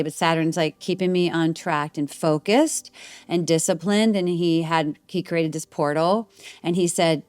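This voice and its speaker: A woman's voice: low-pitched, clear, resonant tone, no room sound. A middle-aged woman telling a long personal story in a casual interview, rambling, with restarts and acted-out quotes. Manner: rambling, animated retelling with restarts and quoted voices. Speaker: guest.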